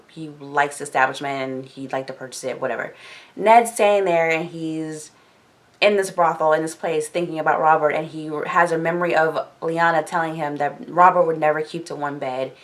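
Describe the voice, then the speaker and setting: Chatty woman recapping a book. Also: low voice. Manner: chatty, heavy use of filler words. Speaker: book discussion vlogger.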